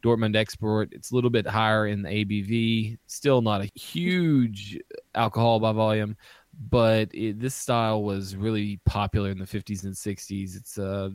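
Man, low voice, hesitant casual podcast host, dry close mic. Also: steady tone, normal speed, dry recording. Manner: hesitant, many ums and restarts. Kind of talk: casual chat, reading through beer styles.

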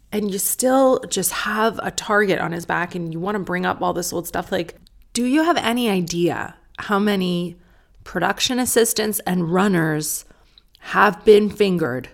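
A woman's voice: mid-range voice, gravelly. A woman hosting a podcast, talking candidly and sardonically with some swearing, and reading out listener letters. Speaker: podcast host. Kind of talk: casual solo podcast talk.

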